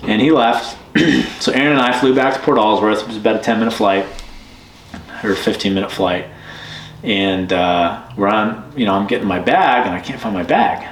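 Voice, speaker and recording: A lowish male voice at normal speed recounts a story with spirit, performing the quoted lines himself. He's a bush pilot chatting casually, recorded in a reverberant room with a faint hiss or hum.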